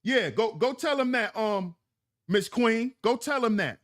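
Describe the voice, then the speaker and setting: Livestream host, high-pitched man, very animated delivery, preachy and repetitive. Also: measured pace. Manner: preachy, emphatic, repeats lines for effect. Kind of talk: livestream commentary reading chat.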